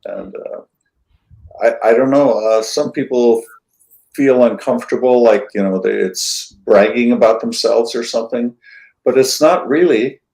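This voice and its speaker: A man hosting an interview, talking in a rambling, thoughtful way with many pauses. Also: medium pitch, creaky, a little mellow, roomy sound, low-quality recording. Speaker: interview host. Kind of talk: casual interview conversation.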